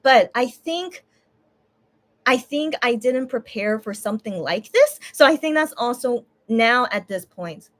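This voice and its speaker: A young woman talking casually to her viewers while tearful and crying, halting with many restarts and pauses. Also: a little high, lively intonation, a bit bright. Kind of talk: emotional casual livestream talk.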